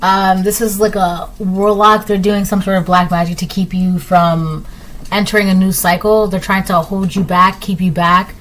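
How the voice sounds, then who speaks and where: Lady doing a casual tarot reading from home, middle pitch, chatty and repetitive, lots of um and like. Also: flat delivery, moderate pace, fairly bright tone, rough recording. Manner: repetitive, emphatic, conversational with many fillers. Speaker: tarot reader.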